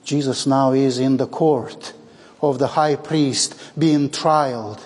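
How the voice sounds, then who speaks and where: A man's voice: mid-range voice, fairly even intonation, slow pace, darkish tone. A male preacher giving a sermon, speaking dramatically and acting out the dialogue he tells. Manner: dramatic, acts out quoted dialogue. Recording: long hall reverb.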